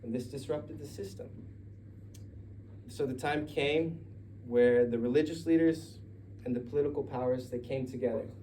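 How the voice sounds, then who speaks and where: A Mexican American man tells a story at a live event, chatty and prone to laughing asides. His voice is mellow and dark at a middle pitch. The mic sits at a distance, and a faint ambience hangs behind him. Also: moderate pace, a little hiss or hum. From United States. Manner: conversational, digressive, laughing asides. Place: live story night venue.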